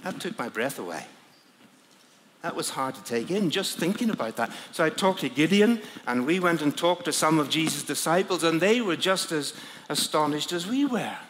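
A man's voice: a little high, lively intonation, moderate pace, fairly bright tone, long reverb tail, slight background noise. A man preaching a sermon as a dramatic first-person story, often hesitating and searching for words. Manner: hesitant, searching for words, with frequent fillers and laughs. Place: large conference hall.

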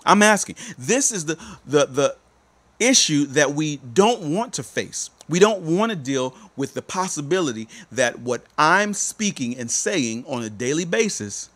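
A male life coach giving a motivational talk to listeners, repeating rhetorical questions and moving between soft, drawn-out phrases and emphatic ones. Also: fairly high pitch, very animated.

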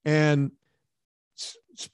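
A man hosting a podcast, telling stories in an animated, sarcastic way during casual chat. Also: extremely slow, no echo, clean studio sound. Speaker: podcast host.

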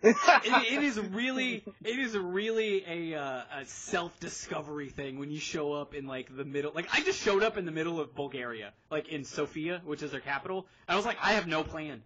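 Excitable man on a podcast. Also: a little high, slight background noise. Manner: excitable, rambling, quick laughs. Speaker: podcast host. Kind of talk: casual podcast chat. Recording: dull lo-fi podcast audio.

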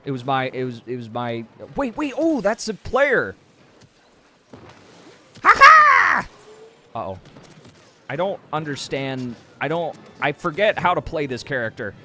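A man streaming a shooter game, excitably exclaiming and chatting with his viewers. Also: medium pitch, slight background noise. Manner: excitable, exclaiming, talks to chat. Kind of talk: casual gameplay livestream commentary.

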